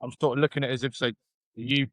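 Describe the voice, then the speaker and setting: A man's voice: medium pitch, level tone, racing, no room sound, rough recording. A middle-aged man, a former rugby player, telling candid stories with plenty of swearing, acting out what others said. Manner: candid, swears freely, acts out quotes. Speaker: podcast guest, former rugby hooker. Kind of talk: casual storytelling.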